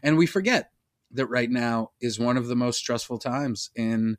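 A man co-hosts a comedy podcast, rambling and poking fun at himself. His voice sits at an ordinary middle pitch. It is recorded close and dry, with no room sound. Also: moderate pace, no room sound. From United States. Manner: joking, self-mocking, rambling. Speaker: podcast co-host. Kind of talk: casual comedic podcast chat.

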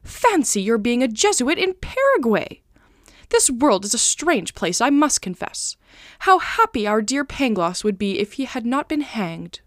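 A woman's voice: on the high side, big pitch swings, measured pace, no echo, clean studio sound. A woman reading aloud, voicing a naive, earnest young German man in an exclaiming tone. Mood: amazed. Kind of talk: storybook reading.

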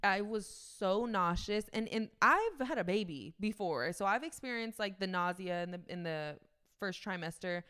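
A woman's voice: mid-range voice, expressive, normal speed, a bit bright, clear, resonant tone. A young woman co-hosting a podcast, telling a story in loose casual chat with frequent swearing. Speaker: podcast co-host.

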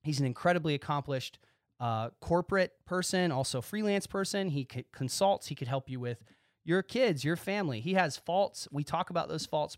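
A man hosting his own podcast, talking excitedly in a casual monologue and acting out quick bits of dialogue. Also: on the high side, no room sound, clean studio sound. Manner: excitable, animated, talks with his hands in quoted dialogue. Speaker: podcast host.

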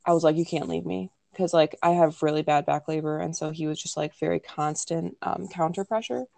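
Low-voiced young woman chatting. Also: a little fast, creaky, a little mellow, no echo. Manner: chatty, many "like" and "um" fillers, acts out quoted lines. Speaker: podcast co-host telling her birth story. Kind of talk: casual conversational storytelling.

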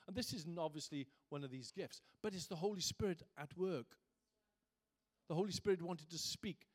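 The sermon comes from a pastor whose voice is notably high and whose pace is moderate. Talking conversationally to the congregation at first, he builds steadily toward fervent and emphatic preaching.

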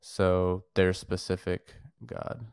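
A man with a very low voice thinks aloud during a casual Bible study, pausing often and trailing off. His tone is smooth and clear. The sound is dry and close. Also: steady tone, darkish tone, no room sound. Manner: thinking aloud, hesitant with fillers. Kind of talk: casual discussion.

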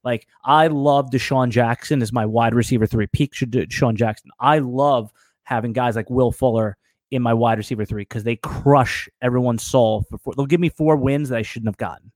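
A man co-hosting a casual fantasy football podcast, talking in an easygoing, halting way. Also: mid-range voice, darkish tone, no echo, studio quality. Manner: easygoing, hesitant, many fillers and restarts. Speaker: podcast co-host. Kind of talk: casual sports podcast debate.

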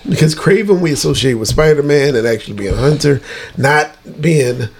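A man's voice: a little high, fairly quick, vocal fry. A man co-hosting a podcast, talking casually and animatedly about movies. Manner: animated, explains at length, laughs often. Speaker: podcast co-host. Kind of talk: casual chat.

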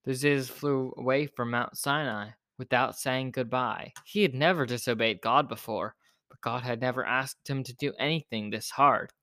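A man reading a children's picture book aloud in a gentle, expressive way. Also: mid-range voice, moderate pace, no echo, studio quality. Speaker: storyteller.

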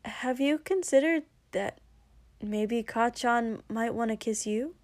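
A woman voicing a gentle, cheerful young man who speaks mildly and carefully. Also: fairly high pitch, slow pace, no room sound. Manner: mild, careful, hesitant.

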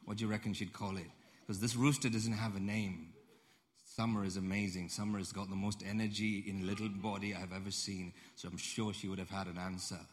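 A man's voice: sits low, steady tone, brisk. A man preaching a sermon in a conversational storytelling way, repeating phrases and putting questions to the congregation. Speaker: pastor.

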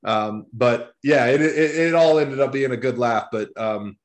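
A man's voice: mid-range voice, a little slow. Texas guy in his 40s, interview guest, rambly storyteller, lots of "and, and" restarts. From Texas, USA. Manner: rambling, repeats words and restarts often.

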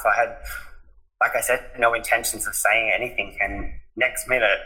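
A man's voice: mid-range voice, fairly even intonation, moderate pace, bright, forceful tone, rough recording. A man, a podcast guest, candidly retelling a personal story, emotional and open, with many fillers. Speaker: interview guest.

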